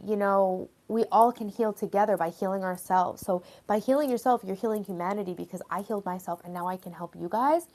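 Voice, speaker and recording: A woman hosting a live stream, chatting casually in an earnest, rambling way and encouraging her viewers. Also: mid-range voice. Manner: rambling, earnest, filler-heavy. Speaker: host of a live stream tapping series.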